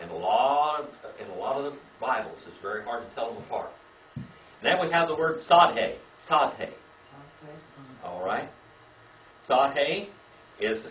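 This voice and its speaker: A man's voice: medium pitch, a little hiss or hum. Patient male Bible teacher, distant echoey recording. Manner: patient, checks in with "okay?" and "all right?". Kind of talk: classroom lecture. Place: church classroom with a live audience. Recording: roomy, distant, dull lo-fi room recording.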